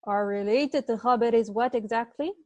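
A woman's voice: fairly high pitch, moderate pace, dark tone, no room sound, highs cut off. A woman teaching Arabic grammar to students online, explaining patiently step by step and asking them questions, speaking through earbuds on a video call.

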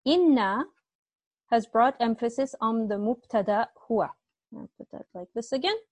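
A woman's voice: fairly high pitch, animated, moderate pace, no room sound. Chatty woman teaching an online class. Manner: chatty, self-correcting, asks class to confirm. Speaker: Arabic grammar teacher.

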